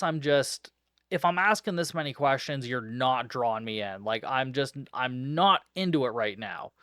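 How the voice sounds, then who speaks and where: A man's voice: medium pitch, a bit bright, no room sound, clean studio sound. Exasperated, sarcastic male podcast host. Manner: sarcastic, exasperated, swears freely. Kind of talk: casual movie review recap.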